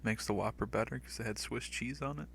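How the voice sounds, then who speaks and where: A man's voice: mid-range voice, quick pace, vocal fry. A man co-hosting a podcast, chatting casually about an old wrestling show and laughing as he acts out what people said. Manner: laughing, acts out quotes in loud mock voices. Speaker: podcast co-host. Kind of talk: casual wrestling recap chat.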